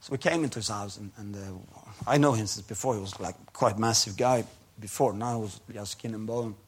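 A man preaching a sermon and telling a testimony, in non-native English phrasing, moving between quiet storytelling and loud emphatic preaching. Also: fairly low pitch, fairly quick, breathy edge.

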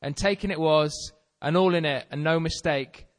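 A man's voice: fairly high pitch, moderate pace. A man reading an old religious text aloud in front of a congregation, sight-reading it and stumbling now and then. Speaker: guest reader. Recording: hall reverb.

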